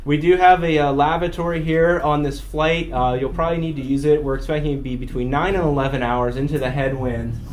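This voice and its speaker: A man playing a blunt, booming flight crewman. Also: steady tone, brisk, few pauses, natural voice. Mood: offhand. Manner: brusque, matter-of-fact, loud and raised. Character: tall blunt male flight crewman giving safety briefing. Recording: noisy room recording.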